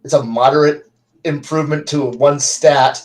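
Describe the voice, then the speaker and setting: A man voicing a greedy, excitable young adventurer who gushes eagerly in a high, squeaky voice. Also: normal speed, recorded from a distance, lightly acted. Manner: eager, high-pitched gushing.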